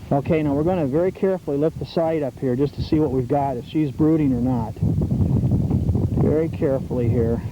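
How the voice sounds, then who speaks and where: A man's voice: medium pitch, a little fast. A middle-aged man hosting an outdoor nature show, coaching a group of scouts in a teacherly, enthusiastic way, recorded outdoors. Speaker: TV host leading scouts on a nature walk. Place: outdoors at a birdhouse trail. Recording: dull 1990s public access TV audio with faint noise.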